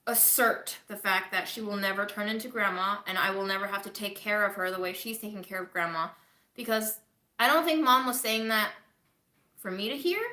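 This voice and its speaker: A woman's voice: medium pitch, sharp tone, reverberant. A woman recovering from covid, chatting candidly to viewers on a home livestream, swearing casually. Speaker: livestreaming vlogger.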